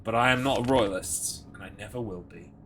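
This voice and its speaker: A man's voice: on the low side, brisk, noisy background. A young British man streaming a horror game, reading item text aloud and joking with his chat. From Britain. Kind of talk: casual game commentary.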